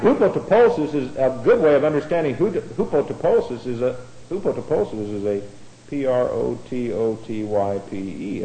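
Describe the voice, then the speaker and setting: A man's voice: a little high, dark tone, low-quality recording. A man giving a sermon-style Bible study, explaining in a conversational way, often restarting his sentences and spelling out words letter by letter. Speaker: Bible teacher.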